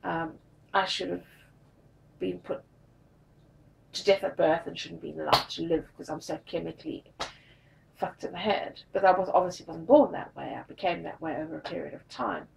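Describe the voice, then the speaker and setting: Weary gravelly-voiced woman vlogging. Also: fairly low pitch, far from the mic, a little hiss or hum, low-quality recording. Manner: halting, repeats words, emotional retelling. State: tired and drained. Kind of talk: personal confessional vlog.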